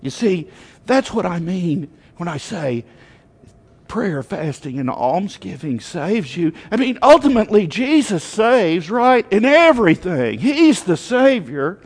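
Higher-voiced male preacher in a reverberant hall. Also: measured pace, breathy edge. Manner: animated storytelling with emphatic rises. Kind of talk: sermon.

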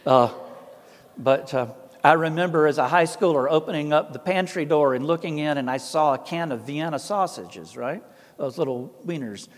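A man's voice: a little high, animated, moderate pace. A middle-aged man with an Appalachian Southern accent, an Orthodox priest telling folksy, self-deprecating stories and acting out the voices he quotes. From American South. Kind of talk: storytelling talk. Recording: long hall reverb.

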